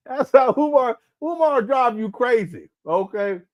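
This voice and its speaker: A man's voice: extremely high pitch, lively intonation, measured pace, darkish tone. A man hosting a casual live commentary stream, mocking a clip he is reacting to and laughing often. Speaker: commentary channel host.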